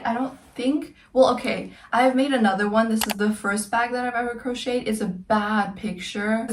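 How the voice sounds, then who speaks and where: A young woman talks about her crochet in a loose, rambling way, full of "like" and "um". Her voice sits at an ordinary middle pitch. The room is echoey, with a faint hiss underneath. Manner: chatty, rambling, filler-heavy. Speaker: crochet vlogger. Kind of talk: casual show-and-tell vlog.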